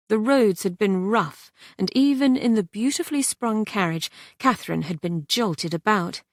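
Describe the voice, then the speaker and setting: Gravelly woman narrating a romance. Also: medium pitch, no echo, studio quality. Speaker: audiobook narrator. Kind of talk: scripted narration of a historical romance.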